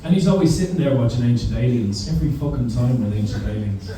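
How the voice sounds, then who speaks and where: A man's voice: medium pitch, animated, quick pace, far from the mic. A young man doing a wry, self-deprecating stand-up set, swearing freely. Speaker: stand-up comedian. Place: comedy club stage with audience. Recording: roomy club sound with crowd laughter.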